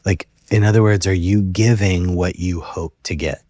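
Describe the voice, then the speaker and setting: A man hosting a counseling conversation, speaking gently and reflectively and thinking aloud by rephrasing his points. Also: low-pitched, fairly even intonation, normal speed, dry recording. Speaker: host, therapist.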